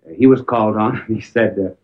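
A man giving a talk on public speaking, telling an anecdote with emphatic rises and sudden quiet drops. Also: lowish voice, fast. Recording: tinny phone-like band, old archive recording.

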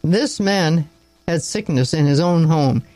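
A man's voice: fairly high pitch, expressive, slow pace, dry recording, soft background music, rough recording. A man reading a story aloud and voicing a weary young country doctor who speaks curtly and with contempt. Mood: angry. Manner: curt, contemptuous, sharp.

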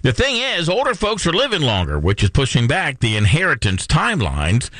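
A man's voice: a little high, huge pitch swings, fairly quick, a bit bright, dry recording. A middle-aged man hosting a radio show, talking casually in a chatty, rambling way with lots of fillers. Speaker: radio host.

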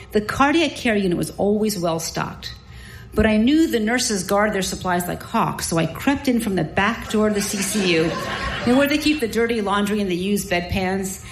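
A woman doctor telling a personal story in a lively, self-mocking, vivid way. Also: medium pitch, echoey room, slight background noise, poor audio. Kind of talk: live storytelling.

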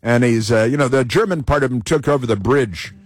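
A man's voice: mid-range voice, brisk, no echo. A male radio host giving sarcastic, mocking talk radio commentary.

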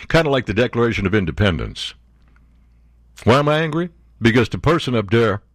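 A man's voice: fairly low pitch, no echo. Impassioned male talk radio host. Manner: impassioned, repetitive rhetorical questions. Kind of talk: political talk radio monologue.

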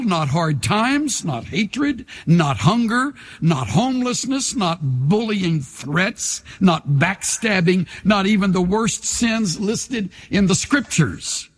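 Older male pastor, high husky voice, slow lively delivery, sermon in a reverberant church hall. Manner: leads congregation in call-and-response; emphatic, repetitive phrasing. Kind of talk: sermon with altar call. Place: large church sanctuary.

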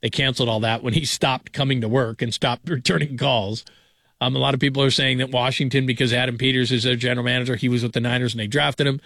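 A man's voice: mid-range voice, steady tone, fast, gravelly, fairly bright tone, no room sound, clean studio sound. Chatty late-night sports radio host, man. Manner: rambling, conversational, chuckling asides. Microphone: studio broadcast mic.

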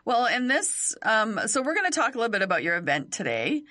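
A woman's voice: a little high, big pitch swings, brisk, pushed and bright. A woman hosting a radio show from a studio, talking in a bold, teasing way and swearing casually.

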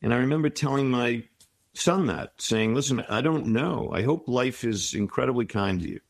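A man's voice: mid-range voice, expressive, moderate pace, creaky, no room sound. A middle-aged man giving reflective, encouraging advice as an interview guest. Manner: reflective, encouraging, tells stories.

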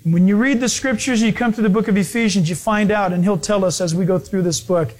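A man with a notably high voice preaches in a relaxed, conversational way. He leans on everyday stories and acts out the people in them with animation. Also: brisk. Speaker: pastor. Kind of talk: conversational sermon with storytelling.

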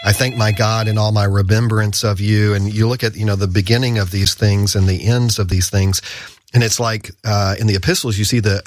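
A man from the radio station speaking on air, enthusiastic and a little rambling as he praises the host. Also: fairly low pitch. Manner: enthusiastic, rambling, laughs often. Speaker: radio station staff guest.

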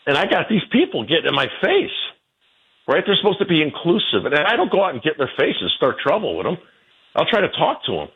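Older man in his 60s, radio guest, rambling storyteller, slightly husky, muffled radio sound. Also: huge pitch swings, fast talker. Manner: rambling, repeats words, quotes people in a high voice. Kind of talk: casual radio conversation.

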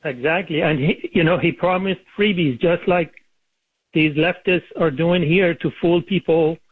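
A man calls in to talk radio over a tinny phone line, his voice dry and a bit high for a man. He argues earnestly and stops now and then with an "uh" to find his words. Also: breathy edge, no echo. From Iran. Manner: earnest, argumentative, with frequent uh pauses. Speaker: caller.

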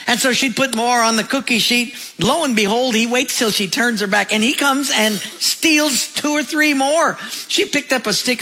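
A man's voice: high-pitched, bright, forceful tone, low-quality recording. A male pastor delivering a sermon, telling funny stories and acting out the people in them. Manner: storytelling with humor, voicing characters in anecdotes.

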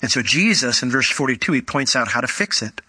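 A man's voice: medium pitch, lively intonation, fairly quick, bright, forceful tone, husky, no echo. A man preaching a sermon who explains the meaning of words, asks rhetorical questions and acts out the voices of the figures he quotes.

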